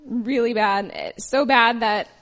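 A woman's voice: a little high, slow pace, a bit bright. A woman reading scripture aloud, then preaching in an earnest, conversational way with personal stories. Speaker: lay preacher.

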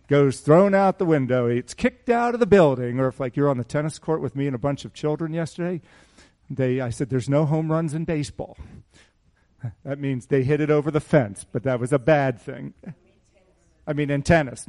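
A man preaching to a small church congregation in a slightly higher voice. He talks casually, firing rhetorical questions at the room. He raises his voice when he reads scripture aloud. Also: warm tone. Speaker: pastor. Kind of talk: sermon.

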